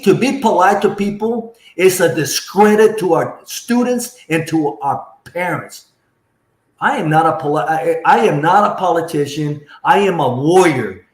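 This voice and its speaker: A man making an impassioned case as a school board candidate, hammering his points home and repeating lines for emphasis. His voice sits somewhat high for a man. The recording has a roomy echo around it. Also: a little mellow. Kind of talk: impassioned campaign speech. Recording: echoey room sound.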